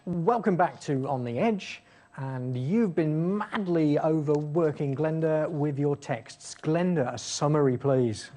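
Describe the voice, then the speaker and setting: A man's voice: a little high, a little slow, mellow. A man hosting a TV talk show, chatty and backchanneling often, with small restarts. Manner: chatty, with frequent mm-hmms and restarts. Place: TV studio.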